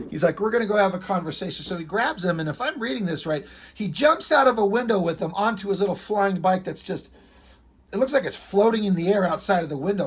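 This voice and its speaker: A man's voice: high-pitched, husky. A man casually talking through an old comic, rambling and swearing as he goes. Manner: rambling, swears, reads comic lines aloud. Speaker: comic book reviewer. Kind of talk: casual comic review chat.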